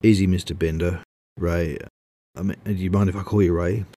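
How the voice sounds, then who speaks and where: A man's voice: low-pitched, steady tone, a little fast, dark tone. A man voicing a nervous homeowner who speaks in an uneasy, placating way. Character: nervous middle-aged man, wary homeowner.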